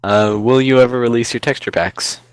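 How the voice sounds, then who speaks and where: A man's voice: mid-range voice, fairly quick, clean tone, dry recording. A young man reading out fan questions over voice chat and teasing his friend in a dry way. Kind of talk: casual voice-chat Q&A.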